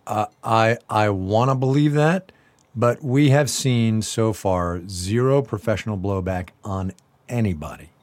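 A man with a low-pitched voice co-hosts a casual news chat, wry and sarcastic, riffing and repeating phrases for effect. The sound is dry and close-miked, with no room around it. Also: unhurried, dry recording. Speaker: co-host.

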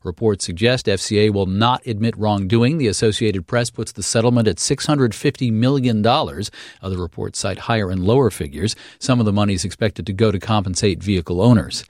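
A man anchoring a radio business news program, reading headlines briskly and chatting with a lightly wry touch. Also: fairly low pitch, a little mellow, dry recording, studio quality. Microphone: studio microphone.

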